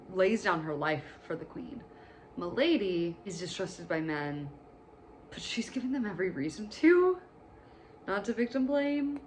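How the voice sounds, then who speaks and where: A woman's voice: lowish voice, slight background noise. A woman giving casual, chatty movie commentary, gushing and joking as she talks. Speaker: movie reviewer.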